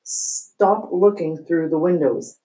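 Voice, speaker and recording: A woman's voice: fairly low pitch, slow pace, poor audio. A woman reading aloud, voicing a flustered, blustering male school principal who insists nothing is wrong. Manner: loud, insistent, denying the obvious.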